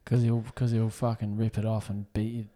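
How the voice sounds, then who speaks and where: A man on a comedy podcast, crude, loud and defensive in banter. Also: fairly low pitch, little pitch movement, brisk. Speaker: co-host.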